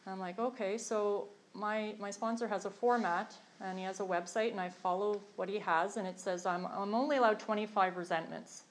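A woman's voice: medium pitch, steady tone, normal speed, few pauses, low-quality recording. A middle-aged woman candidly sharing her recovery journey, earnest and self-deprecating, with many fillers and restarts. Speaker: recovery program member sharing her story. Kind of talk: candid personal testimony.

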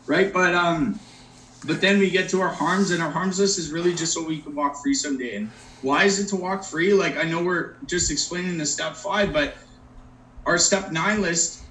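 An earnest man gives a personal recovery talk, keeps checking in with his listeners, and speaks with a slightly high voice. He sits some distance from the microphone. The room around him rings with a noticeable echo. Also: fairly bright tone. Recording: roomy echo, mic at a distance.

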